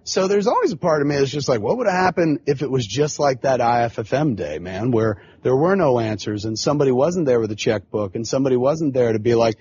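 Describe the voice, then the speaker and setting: Man in his forties, middle-pitched, swears constantly and rambles through casual stories with lots of filler. Dull, lo-fi recording with a faint hiss underneath. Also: animated, fast talker, few pauses, darkish tone. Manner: profane, rambling, frequent filler phrases. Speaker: podcast host. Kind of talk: casual storytelling monologue.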